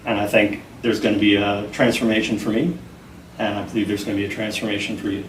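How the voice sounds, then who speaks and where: A middle-aged man talking earnestly and deliberately as a guest in a sit-down interview. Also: fairly low pitch, little pitch movement. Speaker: interview guest, program founder. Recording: echoey room, mic at a distance, faint noise.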